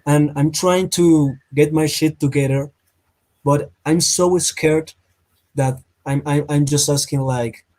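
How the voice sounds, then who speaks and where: A man playing in a tabletop roleplaying game, telling what his character does in excited, halting bursts. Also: a little high, low-quality recording. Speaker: player.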